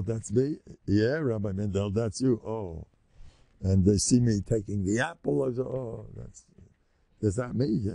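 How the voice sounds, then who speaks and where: Gravelly, animated older rabbi lecturing. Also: male voice. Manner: animated, jumps high in pitch when mimicking.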